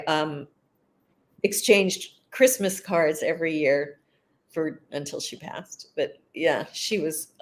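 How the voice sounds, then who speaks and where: A woman, an actress, being interviewed and chatting casually, telling animated stories and laughing often. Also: deep voice. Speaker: actress guest.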